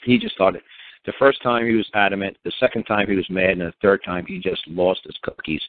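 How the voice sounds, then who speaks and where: A man's voice: sits low, lively intonation, a little fast, dry recording. A man telling a rambling story in a blunt, colloquial and emphatic way. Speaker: speaker on common law. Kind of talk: rambling anecdotal talk. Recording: dry tinny phone-line sound.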